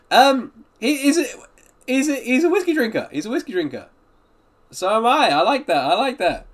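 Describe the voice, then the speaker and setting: Upbeat male streamer with a lively voice. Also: high voice. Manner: upbeat, greets and answers viewers' chat often. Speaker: streamer reacting to videos. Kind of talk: live-stream reaction chat.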